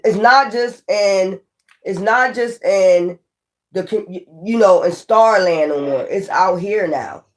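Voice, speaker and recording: Tarot reader, casual rambling delivery, heavy profanity, emphatic repetition. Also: mid-range voice. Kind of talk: casual tarot reading to camera.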